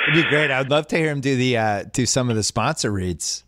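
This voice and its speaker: A man's voice: mid-range voice, expressive, fairly quick, hardly any pauses, fairly bright tone. A man hosting a casual podcast chat, talking in a chatty, wry way. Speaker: podcast host.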